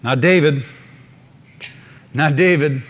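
A man's voice: on the high side, slow pace. A man preaching a sermon with fervor, acting out scenes in sudden bursts. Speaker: pastor.

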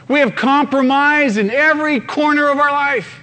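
Male pastor, very high voice, fervent sermon delivery that acts out scenes. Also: normal speed, few pauses, pushed and bright. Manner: fervent preaching, acts out scenes with sudden bursts.

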